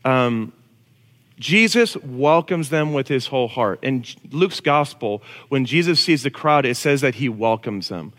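A man preaching a casual, animated sermon to a congregation. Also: medium pitch, a little slow. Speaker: pastor. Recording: long reverb of a large hall.

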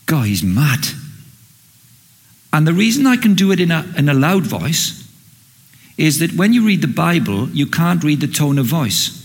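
A man preaches a sermon, acting out the scripture with sudden swings between loud and hushed. His voice sits a little high and is gravelly and husky. It rings with the long reverb of a large hall. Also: very animated, moderate pace, long pauses.

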